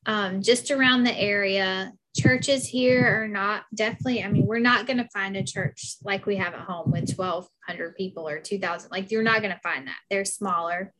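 A woman's voice: medium pitch, moderate pace, few pauses, fairly bright tone. A woman from South Carolina with a Southern accent, chatting casually as an interview guest, full of fillers and "like"s.

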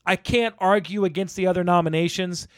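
A man's voice: sits high, brisk, no room sound, studio quality. A man in a casual podcast chat about films, retelling favorite scenes and acting out the lines with energy. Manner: animated storyteller who acts out movie lines. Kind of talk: casual film discussion.

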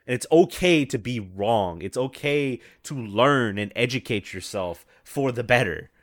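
A man's voice: medium pitch, a little slow. A man from the American South in casual, profane podcast chat, laughing often and telling stories. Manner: animated, laughs often, swears freely.

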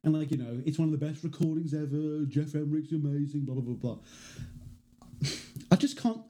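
An excitable man in a relaxed podcast conversation, jumping between jokes and quick asides. His voice is very bright and cutting, pitched a little high. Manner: animated, jokey, breaks into impressions. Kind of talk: casual podcast chat.

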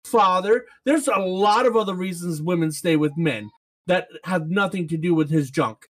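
A man's voice: sits high, normal speed. A married man telling funny stories and teasing the others in a casual group chat on a live stream. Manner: animated, teasing storyteller.

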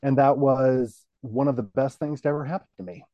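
A middle-aged man, a guest on the show, telling his career story in a relaxed, rambling way full of "you know" fillers. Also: mid-range voice, brisk, dry recording, muffled recording. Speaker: guest, TV station general manager.

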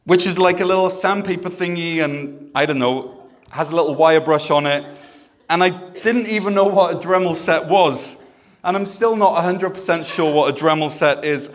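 A man preaching a sermon in a church, conversational and self-deprecating, with humor. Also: high voice. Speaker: pastor.

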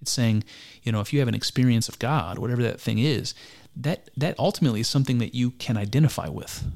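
A man's voice: mid-range voice, darkish tone. Earnest man musing aloud. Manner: musing, earnest, halting with many restarts. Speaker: speaker discussing mysticism. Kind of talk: reflective spoken commentary on a text.

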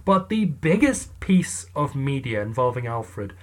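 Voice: medium pitch, big pitch swings, a little slow. A casual storyteller with a wry, chatty delivery and an ordinary mid-range voice. The telling is loose and conversational, full of asides to the listener. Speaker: storyteller narrator.

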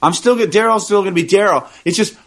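A man's voice: sits high, fast, a bit bright. A man co-hosting an online radio talk show, chatting loosely with lots of fillers. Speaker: radio co-host. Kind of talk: casual radio chat.

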